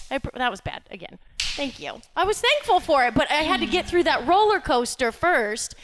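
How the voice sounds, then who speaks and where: A woman with a slightly high voice co-hosts a casual podcast. She tells stories in an animated, rambling way, piling on asides as she goes. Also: moderate pace, a little hiss or hum. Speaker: podcast co-host.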